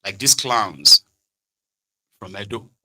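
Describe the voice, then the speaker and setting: A man's voice: lowish voice, slow, sharp tone, poor audio. A man hosting an online political broadcast, talking to viewers in a chatty, sardonic way. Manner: chatty, sardonic, asks viewers to check things. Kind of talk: casual political commentary.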